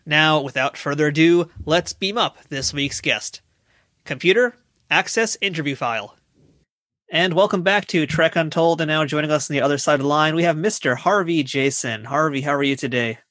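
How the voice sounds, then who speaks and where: A man's voice: fairly high pitch, brisk, hardly any pauses, fairly bright tone, dry recording, clean studio sound. A man hosting a podcast interview, with eager, upbeat promotional patter. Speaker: podcast host.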